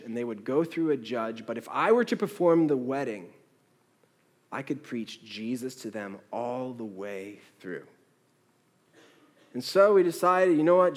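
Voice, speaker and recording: A man who is a pastor, telling a story in a sermon and acting out the dialogue with lively changes of voice. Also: on the high side, big-room sound. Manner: animated storyteller, acts out the dialogue.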